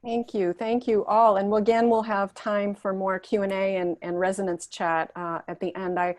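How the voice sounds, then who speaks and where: A woman hosting a talk show gathering over a video call, gently guiding participants and reading their chat messages aloud. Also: mid-range voice, flat delivery, normal speed, no echo.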